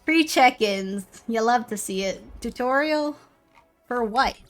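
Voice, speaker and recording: A woman's voice: fairly high pitch, animated, slow, soft background music. A young woman streamer giving casual gameplay commentary, swearing and playing up mock-dramatic self-pity.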